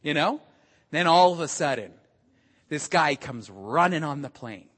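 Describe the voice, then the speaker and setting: High-voiced preacher in a reverberant hall. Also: male voice, a little slow. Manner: animated, emphatic preaching with acted quotes. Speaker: pastor. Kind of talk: sermon.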